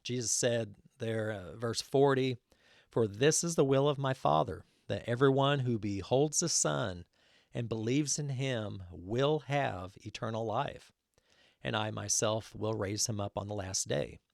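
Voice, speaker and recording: A man's voice: mid-range voice, unhurried, vocal fry, no room sound, studio quality. A man giving an earnest Bible teaching talk, explaining verses with frequent fillers.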